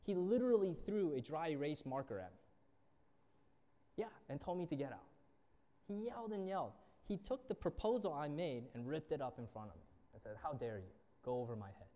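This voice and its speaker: His voice sits fairly high with a dark tone, very animated and brisk. This young youth pastor preaches a sermon full of stories, playing out the people in them, and the church hall gives a long reverb.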